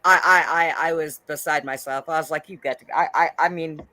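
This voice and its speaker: A woman's voice: sits low, fairly even intonation, fairly quick, bright, forceful tone, no room sound. A woman co-hosting a podcast, telling a bawdy story with lots of laughter. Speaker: podcast co-host. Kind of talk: casual chat, storytelling.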